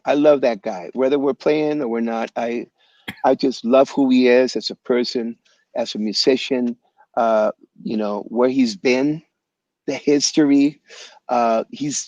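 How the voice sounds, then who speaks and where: A man in a relaxed interview, spinning animated stories in a casual, slangy way. His voice sits at an ordinary middle pitch. It comes through a muffled, lo-fi video call with a dry, close sound. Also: normal speed, dry recording. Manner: animated, slangy storyteller, calls people "man" and "bro". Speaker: guest musician. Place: home in Los Angeles area.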